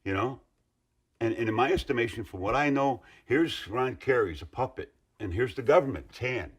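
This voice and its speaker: A man's voice: mid-range voice, expressive, moderate pace. A middle-aged man in an interview, recounting past events in a rambling, earnest way with restarts and asides. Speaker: interviewee, former union member. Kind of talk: interview recollection.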